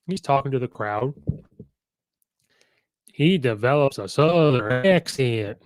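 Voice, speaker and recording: Male sports-talk host, mid-pitched, opinionated, dry close sound. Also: lively intonation, takes it slowly, long pauses, dry recording, poor audio. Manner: chatty, opinionated, acts out quotes. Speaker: host and football commentator. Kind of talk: casual sports commentary.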